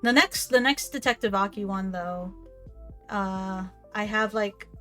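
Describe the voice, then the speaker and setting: A woman's voice: mid-range voice, unhurried, sharp tone, soft background music. A woman chatting casually on a livestream as a guest, swearing and laughing often. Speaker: guest and co-streamer.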